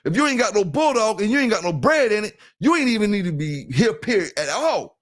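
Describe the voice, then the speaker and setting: A man's voice: high voice, sing-song, fairly quick. A middle-aged man with a Southern US accent, hosting a casual livestream and talking loosely to his viewers. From South Carolina. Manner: loose and talkative, keeps saying "you know what I'm saying", greets chat members. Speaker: livestream host.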